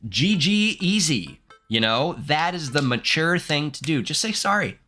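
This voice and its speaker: A man in his thirties doing let's play commentary, reading game text aloud, animated and candid, laughing often. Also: fairly high pitch, normal speed, soft background music. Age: 30s. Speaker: gaming streamer.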